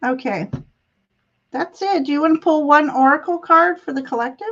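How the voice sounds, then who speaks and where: A woman's voice: high-pitched, moderate pace, fairly bright tone, lo-fi sound, slight background noise. A woman hosting a live tarot reading over a video call, talking in a chatty, giggly, meandering way. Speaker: tarot reader and show host.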